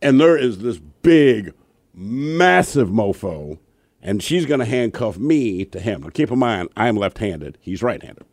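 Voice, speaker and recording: A man co-hosts a talk radio show and tells a story with lively swings in pitch, acting out the quotes in it. The studio sound is close and dry, with no room echo. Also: unhurried. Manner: animated, acts out shouted quotes in his anecdotes. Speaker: radio co-host.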